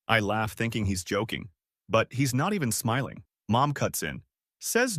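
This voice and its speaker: A man's voice: on the low side, expressive, moderate pace, a bit bright, dry recording, clean studio sound. A man in his twenties narrating his own story in a casual, slangy first-person style. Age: 20s. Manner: casual, slangy, spelled-out abbreviations.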